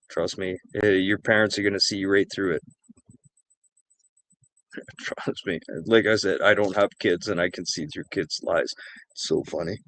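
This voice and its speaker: Rambling, foul-mouthed man with a lowish voice. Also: no echo. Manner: rambling, profane storytelling. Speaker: streamer. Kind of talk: casual chat.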